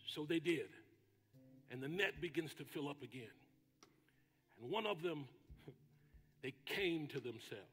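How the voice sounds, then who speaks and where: A man preaching a sermon as pastor, with dramatic pauses and bursts of shouting. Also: fairly high pitch, expressive, breathy edge, big-room sound, soft background music. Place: church sanctuary.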